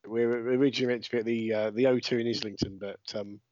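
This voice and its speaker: Chatty podcast host, dry close mic. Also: male voice, mid-range voice, fairly even intonation, fast talker, a little mellow, no echo, lo-fi sound. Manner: chatty, self-deprecating, many fillers and restarts. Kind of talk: casual podcast chat.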